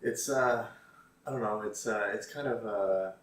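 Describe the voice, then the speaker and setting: A man's voice: lowish voice, measured pace. Hesitant sarcastic man, far from the mic. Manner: hesitant, many fillers, dry sarcastic asides. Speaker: YouTuber reading tweets. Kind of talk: casual commentary. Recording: roomy echo, distant mic.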